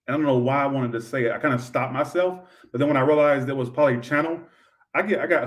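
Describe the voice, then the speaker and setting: A man's voice: mid-range voice, normal speed, long pauses, a bit bright. A man giving a livestream tarot reading in a sassy, profane, rambling way, talking straight to his viewers. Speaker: tarot reader.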